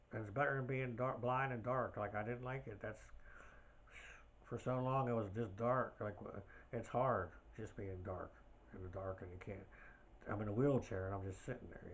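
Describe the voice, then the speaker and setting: A man hosts a podcast alone, rambling and hesitant, with lots of fillers and restarts in a casual monologue. His voice sits fairly low, and there's a bit of hiss or hum.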